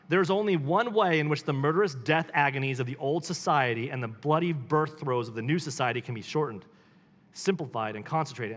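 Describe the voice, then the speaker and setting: A man's voice: medium pitch, a bit bright, long reverb tail. A man reading a book aloud and commenting on it, with emphatic rising questions between quotes. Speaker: pastor.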